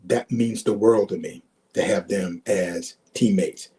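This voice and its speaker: A man in his sixties, a former football player appearing as a guest on a video call, tells heartfelt, emotional stories. He repeats words and acts out past conversations with rising pitch, speaking a little slowly in a mellow voice.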